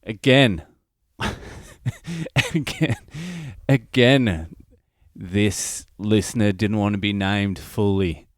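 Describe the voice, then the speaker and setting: A man's voice: on the low side, slow pace, no room sound, studio quality. A middle-aged Australian man hosting a comedy podcast, telling a listener's story in a sweary, wry monologue.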